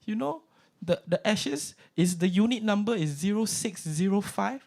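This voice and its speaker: A man voicing a fretful older godmother, speaking Singaporean English in a shrill, wailing way. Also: lively intonation, moderate pace, gravelly, darkish tone. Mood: lamenting.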